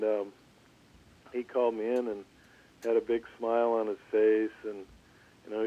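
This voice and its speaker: An older man, a former pitcher, recalls his early career in an interview, talking in a relaxed, halting way with many restarts. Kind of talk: storytelling interview. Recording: tinny phone line.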